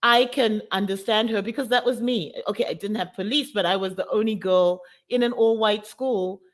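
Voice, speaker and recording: A woman's voice: medium pitch, fairly even intonation, normal speed. A woman with a college-age daughter, from South Africa, speaking candidly and with emotion as a summit speaker, often calling her audience "guys". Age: adult with college-age daughter. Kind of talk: personal testimony talk.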